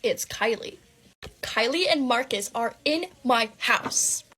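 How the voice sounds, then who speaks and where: A young adult woman vlogger telling a dramatic personal story, animated and breathless, with lots of fillers and swearing. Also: on the high side, slow, a little hiss or hum.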